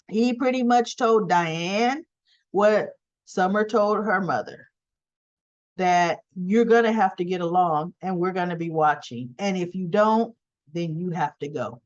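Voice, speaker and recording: A woman's voice: a little high, expressive, unhurried, lo-fi sound. A woman casually recapping a soap opera episode, animatedly quoting the characters' lines in lifted voices.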